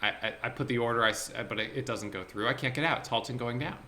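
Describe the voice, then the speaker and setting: A man with a bright, forceful voice talks through his day trades in a casual screen-share recap. He thinks out loud with excitement and often restarts his sentences as he goes. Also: mid-range voice, quick pace, slight background noise.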